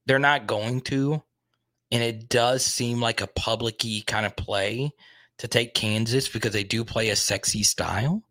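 A man's voice: medium pitch, fairly even intonation, measured pace, pushed and bright, no room sound. A young adult man hosting a casual sports talk show, rambling and thinking aloud, openly frustrated.

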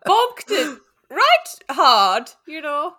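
A woman's voice: fairly high pitch, big pitch swings, moderate pace, sharp tone, voice pushed down, full character voice. A woman putting on a stagey mock-English accent for a prim, dotty lady. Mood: haughty.

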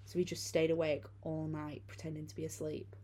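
A woman's voice: low-pitched, monotone, brisk, mellow, breathy edge. A woman reading a first-person horror story aloud in a casual, profane way. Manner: casual, profane retelling with many fillers. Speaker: narrator.

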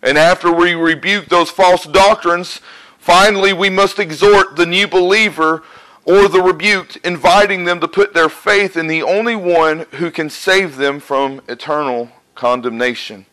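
Male preacher, slightly high bright voice, questions the room and answers himself. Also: fairly even intonation, measured pace, low-quality recording. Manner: asks the congregation questions and answers them. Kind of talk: conversational sermon. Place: church, live congregation.

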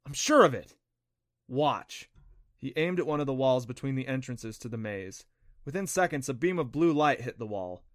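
A man's voice: mid-range voice, expressive, fairly quick, no echo. Man narrating an audiobook, dry.

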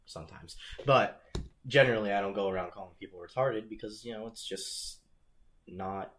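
A man's voice: fairly low pitch, normal speed, fairly bright tone, a little hiss or hum. A man co-hosting a podcast, talking loosely with joking, rambling asides. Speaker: podcast co-host. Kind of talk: casual discussion.

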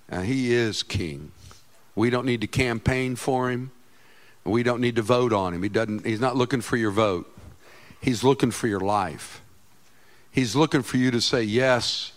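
A middle-aged man, a pastor, preaching a sermon with passion, swinging from loud outbursts to quiet asides. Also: mid-range voice.

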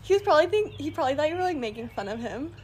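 Upbeat young woman, slightly high voice. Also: big pitch swings, very fast, darkish tone, slight background noise. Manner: giggly, upbeat and chatty. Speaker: podcast co-host. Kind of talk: casual chat. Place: outdoors. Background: birds chirping.

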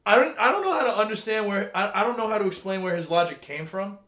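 A man's voice: high-pitched, lively intonation, fast, fairly bright tone. A man co-hosting a casual podcast, telling a heated, profane story about an argument with friends. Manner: heated, swearing rant storytelling. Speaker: podcast co-host. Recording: roomy echo.

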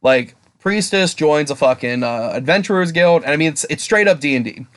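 An excitable man co-hosts a casual podcast, his voice sitting a bit high for a man. He swears freely and jumps up into quoted voices. The recording is dry and close. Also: fairly quick, dry recording. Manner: excitable, swears a lot, acts out quotes in a higher voice. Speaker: podcast co-host.

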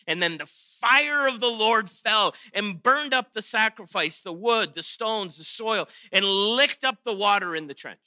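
A man preaching a sermon, animated and playful, often restarting his sentences and acting out quotes with sarcasm. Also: sits high, unhurried, few pauses, no room sound, clean studio sound. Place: chapel or auditorium.

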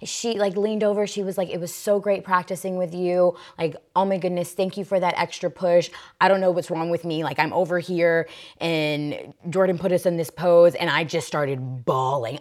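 A young woman co-hosting a podcast, telling stories in casual chat, swearing and halting with fillers. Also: lowish voice, fairly even intonation. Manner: chatty storyteller, profane, halting with fillers. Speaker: podcast co-host.

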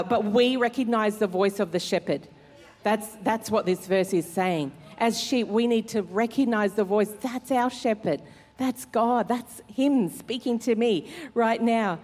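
A woman's voice: mid-range voice, measured pace, a little mellow. A woman pastor, preaching a sermon in an earnest, conversational way with fillers. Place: church service hall. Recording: long hall reverb in church.

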